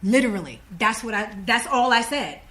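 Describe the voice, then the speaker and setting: A woman guest on a podcast telling a personal story in a casual, animated way and acting out the voices of people she quotes. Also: fairly high pitch, normal speed. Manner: animated, acts out quoted dialogue.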